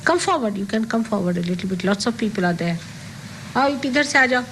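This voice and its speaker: A woman's voice: mid-range voice, expressive, racing, a bit bright, a little hiss or hum, rough recording. An older woman speaking as a spiritual teacher, giving an emphatic talk to an audience and repeating key phrases.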